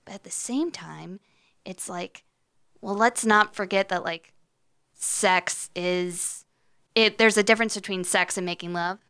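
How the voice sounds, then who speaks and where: Young female guest, frank, filler-heavy chat, fry in a bright clear voice. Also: mid-range voice, a little slow. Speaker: podcast guest. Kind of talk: casual chat.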